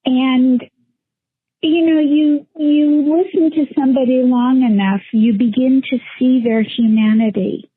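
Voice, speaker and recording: A woman's voice: sits high, fairly even intonation, a little slow, slight background noise. A woman caller leaving a heartfelt, chatty voicemail. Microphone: phone. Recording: tinny phone line voicemail.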